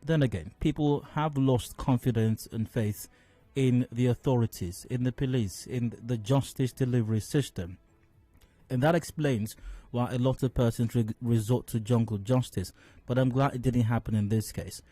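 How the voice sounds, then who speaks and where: A man with a Nigerian accent giving radio commentary as a talk show host, measured and full of fillers and restarts. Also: mid-range voice, warm tone, no room sound, soft background music. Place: radio studio.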